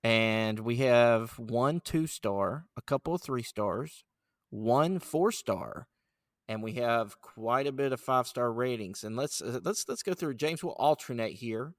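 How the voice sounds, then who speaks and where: A man's voice: medium pitch, lively intonation, a little slow, no echo, studio quality. Laid-back man hosting a podcast. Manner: laughing, playful. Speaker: podcast host. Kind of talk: casual chat, reading reviews aloud.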